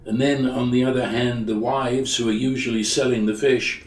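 A man preaching a sermon in a slow, conversational storytelling way, often restarting his phrases. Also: medium pitch, little pitch movement, reverberant, far from the mic, rough recording.

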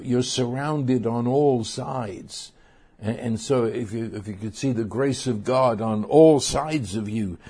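A man preaching a sermon, slow and emphatic, often restarting his phrases. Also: mid-range voice, warm tone, husky.

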